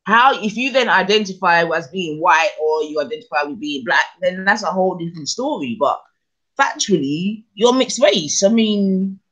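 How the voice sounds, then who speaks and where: Man, podcast co-host, thinks out loud, keeps asking if you follow. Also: sits high, animated, normal speed. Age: adult with children. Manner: musing aloud, keeps checking the listener follows. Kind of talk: casual chat.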